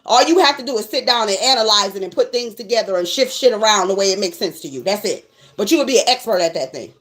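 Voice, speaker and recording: A woman's voice: medium pitch, lively intonation, fast, fairly bright tone, soft background music. A woman tarot reader ranting casually to her viewers, blunt and profane as she scolds them.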